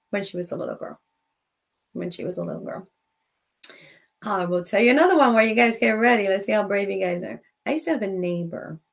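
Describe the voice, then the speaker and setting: A middle-aged woman hosts a relaxed live show in a voice of ordinary pitch. She chats with her viewers and moves easily between English and Spanish. She tells stories about her own life and laughs along as she goes. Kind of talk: casual bilingual live-stream chat.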